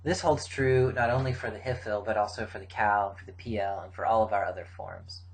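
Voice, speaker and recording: A middle-aged man giving a recorded grammar lecture, explaining forms in a measured way with frequent fillers. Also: on the low side, steady tone, low-quality recording. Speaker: Biblical Hebrew teacher.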